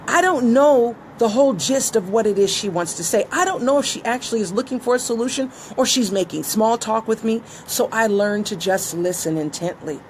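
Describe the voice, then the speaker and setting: A woman's voice: mid-range voice, darkish tone, slight background noise, poor audio. A woman giving an earnest motivational talk on business and listening, acting out the conversations she quotes. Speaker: business coach. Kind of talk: motivational teaching monologue.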